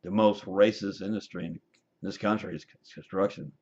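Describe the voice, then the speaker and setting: A man's voice: low voice, normal speed, darkish tone, muffled recording. A man delivering a profane, combative, preachy rant to his webcam. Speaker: vlogger. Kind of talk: ranting webcam monologue.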